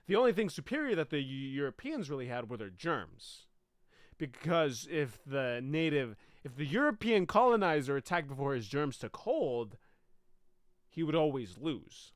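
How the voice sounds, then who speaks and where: A man rehearsing a comic solo show, telling his story in a profane, animated way. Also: on the high side, normal speed, no room sound, studio quality. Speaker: performer rehearsing a monologue.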